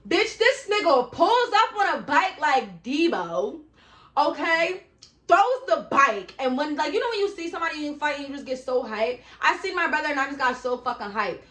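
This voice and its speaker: A young woman casually telling a profane storytime, acting out her own shouting in a lively way. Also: high-pitched, moderate pace, roomy sound. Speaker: vlogger.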